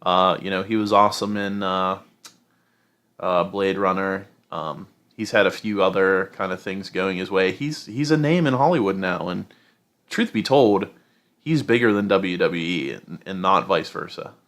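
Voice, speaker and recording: Lowish-voiced man rambling opinions on a podcast. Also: moderate pace, a bit bright. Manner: rambling opinions with many fillers like "you know". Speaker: podcast co-host. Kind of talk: casual podcast chat.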